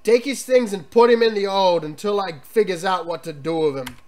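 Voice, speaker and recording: A man voicing a drunken, gruff old pirate captain in a slurred sea-dog drawl while reading a retro computer game aloud. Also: high-pitched, sing-song, normal speed, a bit bright, heavily acted. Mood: barking.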